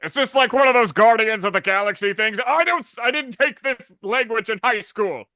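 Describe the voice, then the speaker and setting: A man's voice: high-pitched, a little fast, pushed and bright, dry recording. A man voicing a bewildered grown male superhero who stammers in polite confusion. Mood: puzzled.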